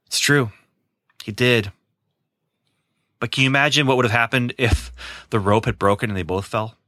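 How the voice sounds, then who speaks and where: A man's voice: medium pitch, moderate pace, bright, forceful tone, dry recording, clean studio sound. A man hosting a casual podcast chat, enthusiastic and chatty, laughing easily as he talks. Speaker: podcast host.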